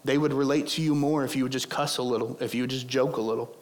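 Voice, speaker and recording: A hoarse man acting out a sly male devil who pushes and coaxes, in a sermon. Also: mid-range voice, steady tone, quick pace, close to an everyday voice. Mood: persuasive. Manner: coaxing, pushy. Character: sly male devil tempting with smooth persuasion.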